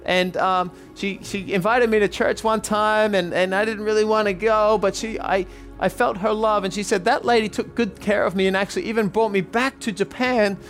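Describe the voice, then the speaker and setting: A man preaching as a pastor, telling a testimony and leading prayer in an earnest, halting way with many ums. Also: high voice, fairly even intonation, a bit bright, faint music behind. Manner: earnest, repeats himself, frequent ums. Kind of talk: sermon with retold testimony and prayer.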